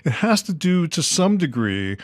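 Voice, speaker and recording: Thoughtful older man, slightly high voice. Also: sing-song, moderate pace, dry recording. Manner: thoughtful, searching, reflective. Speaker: guest, writer and director. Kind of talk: casual interview talk.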